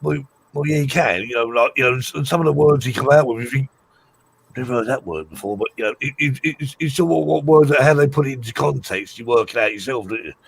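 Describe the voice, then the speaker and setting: A man's voice: medium pitch, quick pace, creaky, few pauses, slightly rough. A man from the United Kingdom chatting casually on a live stream, rambling through anecdotes with many restarts. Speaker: co-host of a live drone show.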